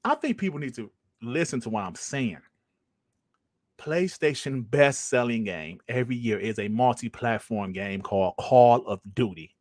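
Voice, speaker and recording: A man's voice: mid-range voice, lively intonation, moderate pace, darkish tone, dry recording, clean studio sound. A man hosting a podcast, ranting casually and emphatically, swearing and repeating points for stress. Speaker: podcast host.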